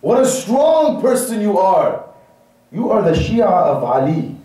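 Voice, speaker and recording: A man preaches from a distance in a big echoing mosque hall, with a high, mellow voice. He hammers his listeners with rhetorical questions. The reverb hangs on every phrase. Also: very animated, unhurried. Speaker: speaker at a religious gathering. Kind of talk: Muharram majlis sermon. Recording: echoey hall, from far off.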